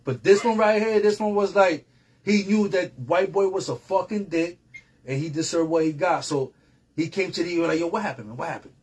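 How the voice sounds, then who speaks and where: A man's voice: high-pitched, normal speed, darkish tone, husky. Streetwise New man telling a story. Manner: streetwise, repeats phrases, heavy slang. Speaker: interview guest. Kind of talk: casual storytelling.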